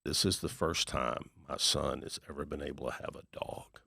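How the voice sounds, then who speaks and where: Gravelly low-voiced man telling stories. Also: moderate pace, no echo, studio quality. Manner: folksy, animated storyteller acting out dialogue. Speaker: guest, real estate investor and author. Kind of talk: storytelling in a podcast interview.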